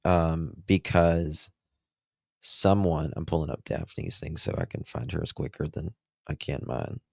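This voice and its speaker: A man's voice: extremely low pitch, measured pace, vocal fry, darkish tone, no echo, studio quality. A man hosting a true crime livestream, chatting with viewers in a casual, emphatic way. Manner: emphatic, chatty, talks to the chat.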